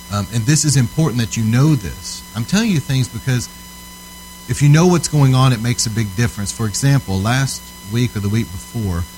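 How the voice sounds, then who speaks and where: Low-voiced man preaching conversationally. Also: a little mellow, slight background noise, low-quality recording. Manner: casual storytelling, checks in with "Okay?"; earnest, emphatic. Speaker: preacher teaching on altar ministry. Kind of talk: conversational sermon teaching.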